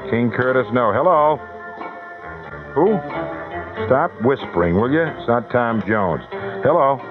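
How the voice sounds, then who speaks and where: A man hosting a live radio call-in contest, brisk and wisecracking as he fields callers one after another. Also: medium pitch, expressive, over music. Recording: tinny, narrowband old radio broadcast.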